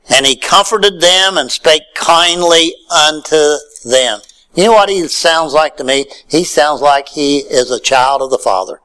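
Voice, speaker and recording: A man's voice: on the high side, unhurried, sharp tone, clean tone, poor audio. A man preaching a sermon, reading scripture aloud and then retelling it in his own words with rising emphasis and rhetorical questions.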